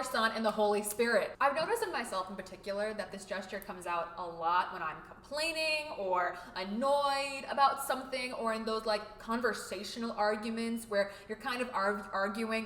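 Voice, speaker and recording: A young woman chatting to camera in a lively, expressive vlog, her voice set a bit high and bright. She swings between loud, punchy bits and quieter asides. The room has a noticeable echo. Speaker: vlogger. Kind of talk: casual talking-head vlog.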